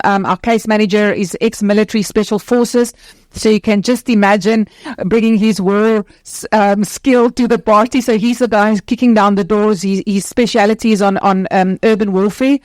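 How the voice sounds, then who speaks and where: A woman speaking on a conference stage as the founder of an anti-trafficking charity. She talks passionately and earnestly, in quick bursts with many restarts. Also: medium pitch, darkish tone, no room sound. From South Africa.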